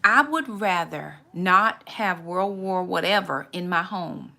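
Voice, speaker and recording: A woman, hosting a casual faith talk and switching into quick high voices to act out other people. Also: lively intonation, creaky, pushed and bright. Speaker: channel host, mother giving faith advice.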